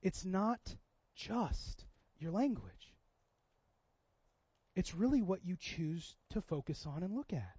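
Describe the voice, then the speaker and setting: A man's voice: high-pitched, big pitch swings, takes it slowly, darkish tone, husky, dry recording, lo-fi sound. A man in his thirties preaching a conversational sermon, acting out quoted voices as he goes. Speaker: pastor.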